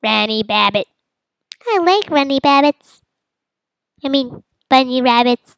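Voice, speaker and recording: Playful, slow-talking woman gamer. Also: sits high, lively intonation, creaky, no echo, rough recording. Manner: silly, playful, sudden loud outbursts. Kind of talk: casual let's-play commentary.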